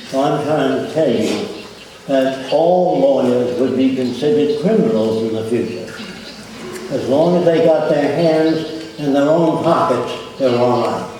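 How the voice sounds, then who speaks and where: A man's voice: mid-range voice, dark tone. An older man giving a plainspoken public lecture, telling anecdotes and acting out short exchanges. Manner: plainspoken, anecdotal, acts out little dialogues. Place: lecture hall. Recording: distant, echoey hall recording.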